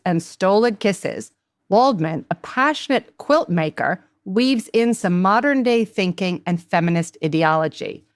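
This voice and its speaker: A woman's voice: medium pitch, dry recording, studio quality. A woman hosting a book podcast, reading a scripted introduction and asking questions with enthusiasm. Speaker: podcast host.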